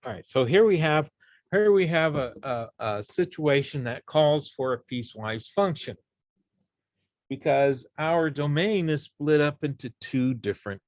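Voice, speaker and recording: Lecturing a college algebra class, this man speaks in a mid-range, slightly mellow voice, recorded without echo. He walks through every step and makes sure his students are following along.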